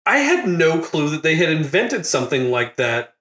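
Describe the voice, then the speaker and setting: A man hosting a casual movie recap podcast, laughing often and acting out quotes in a loud, high voice. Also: sing-song, moderate pace, reverberant. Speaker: podcast host.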